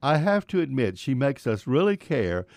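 A man's voice: mid-range voice, very animated, moderate pace, darkish tone. A man giving a scripted radio commentary on an actress, telling a wry story about meeting her. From Virginia, US. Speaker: radio film critic.

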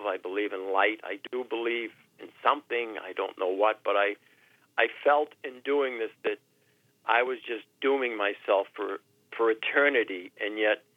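Halting man in his sixties on a phone line. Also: lowish voice, no echo. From New Hampshire. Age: 60s. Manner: halting, repeats words, voice breaking. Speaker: guest. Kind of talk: emotional radio interview. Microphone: telephone.

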